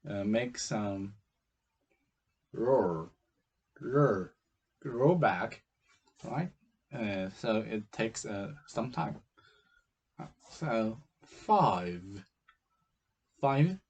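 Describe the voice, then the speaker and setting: A man with a Chinese accent teaching, speaking haltingly with frequent hesitations and restarts. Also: fairly low pitch, husky. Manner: hesitant, many fillers and restarts. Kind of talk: explaining with slow, halting delivery.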